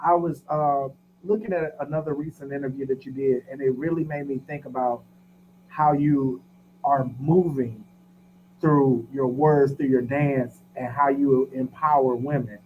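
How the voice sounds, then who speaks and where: A man co-hosting a podcast, asking a guest a question in a measured, halting way. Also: medium pitch, steady tone. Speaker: podcast co-host. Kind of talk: interview questions. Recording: dull lo-fi audio with faint hum.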